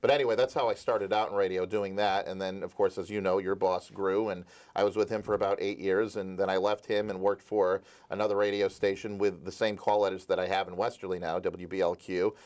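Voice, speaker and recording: A man's voice: low-pitched, little pitch movement, brisk, few pauses, a little mellow. A man in his forties from Rhode Island, a radio station owner, telling his story eagerly in a casual interview with many restarts.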